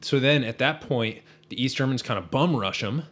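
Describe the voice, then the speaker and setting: A man's voice: mid-range voice, moderate pace, fairly bright tone. A man hosting a casual podcast, eagerly retelling a favorite movie scene and often repeating words as he goes. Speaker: podcast host.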